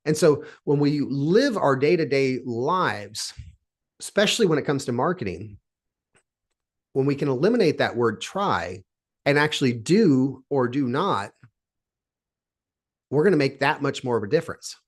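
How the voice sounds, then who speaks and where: A man from Seattle giving an energetic, emphatic motivational talk at a virtual summit, asking the audience questions as he goes. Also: mid-range voice, normal speed. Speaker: speaker.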